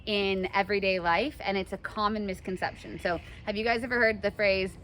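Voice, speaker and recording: A young woman teacher giving a chatty, animated lesson and acting out examples for her class. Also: mid-range voice, fairly quick, few pauses, a little hiss or hum. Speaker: English teacher.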